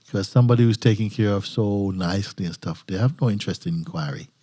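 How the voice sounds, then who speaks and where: Speaking fast in a lowish, mellow voice, a man, a spiritual teacher, shares stories in an informal satsang talk at a retreat. He laughs often, restarts frequently, and uses non-native phrasing.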